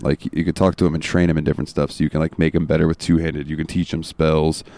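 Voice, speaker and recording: A man hosting a gaming podcast, talking in a relaxed, rambling way with fillers and the odd swear word. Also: rumbling low, quick pace. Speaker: podcast host. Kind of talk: casual chat.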